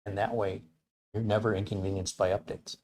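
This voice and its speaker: A man with a fairly low voice hosts a casual tech livestream. He chats easily with his viewers and reads out their comments. His delivery is loose and rambling, and he often thinks aloud. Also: little pitch movement, fairly quick, darkish tone, a little hiss or hum.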